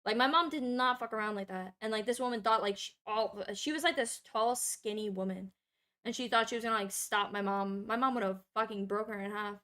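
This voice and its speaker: A young adult woman streamer telling a long personal story in casual, profane, animated chat. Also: mid-range voice, brisk.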